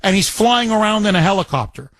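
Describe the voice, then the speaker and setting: A man's voice: high voice, animated, a little fast, a bit bright, no echo. A man co-hosting a talk radio show, ranting with indignation, repeating and restarting his phrases.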